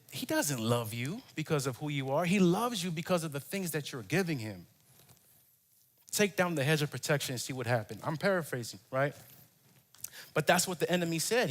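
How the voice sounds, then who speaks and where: A man's voice: on the high side, a bit bright. A man preaching a sermon, telling a personal story and acting out his own cries and prayers. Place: church.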